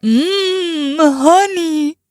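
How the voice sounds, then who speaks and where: A young woman with an Indonesian accent voicing a greedy, hot-tempered male bear who yells and wails. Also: extremely high pitch, no echo, clean studio sound, voice pushed up, heavily acted. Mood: angry whiny. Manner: yelling, wailing, drawn-out. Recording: faint background music.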